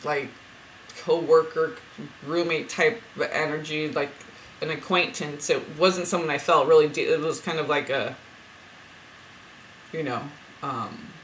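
A woman who reads spiritual cards, chatting to camera as she retells a dream, rambling with lots of fillers and restarts and getting emotional and excited. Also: low-pitched, measured pace, pauses often, slight background noise, poor audio. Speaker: spiritual card reader.

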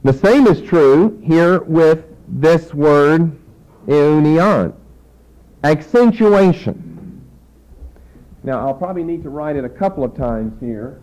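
A man's voice: a little high, expressive, a little slow, a little mellow, rough recording. A man teaching a classroom lecture, explaining step by step with rhetorical questions, his voice dropping away as he turns to write on the board. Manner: voice drops away when turning to write. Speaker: Bible teacher.

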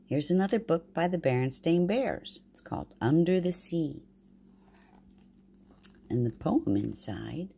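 An older woman, a grandmother, reading a storybook aloud to her grandchildren in an affectionate, expressive way. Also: sits low, measured pace, gravelly, long pauses, husky.

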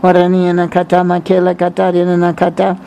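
A woman's voice: on the low side, monotone, fast, vocal fry, dark tone, slight background noise, poor audio. A woman speaking in tongues, chanting rhythmic repeated syllables between prophetic lines spoken in the first person as God.

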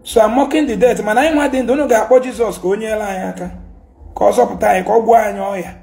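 Scolding Nigerian man with a gravelly voice. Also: sits high, steady tone, rapid-fire, dark tone. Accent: Nigerian, Igbo. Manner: mixing Igbo and English, repetitive, scolding. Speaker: commentator. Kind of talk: heated social media rant.

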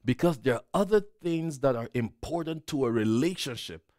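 A man preaching a sermon as pastor, slow and earnest, repeating his key phrases. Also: medium pitch, lively intonation, a little mellow, no room sound, studio quality.

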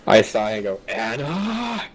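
A man's voice: lowish voice, steady tone, a little fast, slight background noise, poor audio. A man playing a tabletop role-playing game, speaking plainly and tersely in character. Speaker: player. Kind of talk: casual tabletop role-play.

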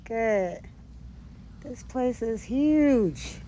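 Slow-talking, gushing woman vlogging in a store. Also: medium pitch, a little mellow, a little hiss or hum. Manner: gushing, exclamatory, talks straight to viewers. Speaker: vlogger and product owner. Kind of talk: casual store walkthrough vlog. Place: large retail store, indoors. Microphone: camera held by another person.

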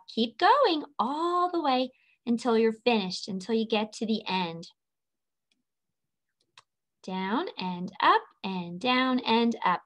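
A woman's voice: on the high side, lively intonation, takes it slowly, long pauses, a bit bright. A woman teacher giving a children's phonics and handwriting lesson, patient and sing-song, drawing out each letter sound.

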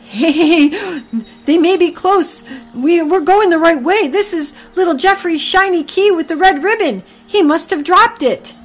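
A woman's voice: sits high, soft background music, voice pushed up. A woman voicing an eager, helpful young male rat in a storybook reading. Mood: excited. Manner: quick, eager, excited.

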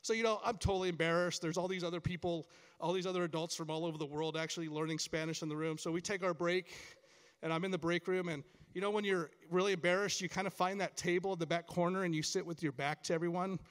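A man's voice: high-pitched, steady tone, quick pace. Encouraging man speaking in a reverberant chapel. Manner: storytelling, encouraging, acts out quoted lines. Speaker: camp staff speaker at school chapel. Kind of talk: chapel talk to schoolchildren. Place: large hall, chapel. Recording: long hall reverb.

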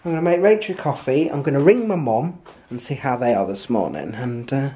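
Chatty dad filming at home. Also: male voice, expressive, fairly quick, husky. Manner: chatty, rambling, homely; softer and lower on asides. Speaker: family vlogger. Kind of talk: casual chat to camera. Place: family home indoors. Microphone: handheld compact camera.

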